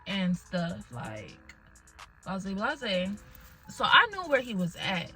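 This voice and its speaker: Animated young woman telling a storytime. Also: medium pitch, slow pace, soft background music, rough recording. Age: young adult. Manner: animated, emotional retelling with swearing. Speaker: vlogger. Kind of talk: storytime, casual chat.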